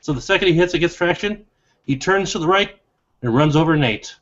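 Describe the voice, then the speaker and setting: A man's voice: fairly high pitch, animated, brisk. A man with a folksy, drawling manner telling a long joke during a tabletop game. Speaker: player. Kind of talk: storytelling a joke in character. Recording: dull lo-fi recording.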